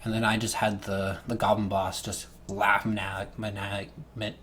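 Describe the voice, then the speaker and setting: Low-voiced man, stumbling over restarts. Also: flat delivery, unhurried, fairly bright tone, a little hiss or hum. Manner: stammering restarts, repeated words. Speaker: game master. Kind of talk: casual talk to camera.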